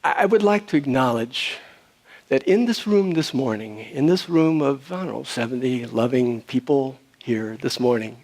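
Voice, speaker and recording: A man's voice: mid-range voice, animated, normal speed. A man giving a conversational sermon to a room of about seventy people, telling a story in an easygoing way, with fillers and restarts. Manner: storytelling, easygoing, with fillers and restarts, rising loud when retelling shouting. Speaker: speaker at a spiritual community.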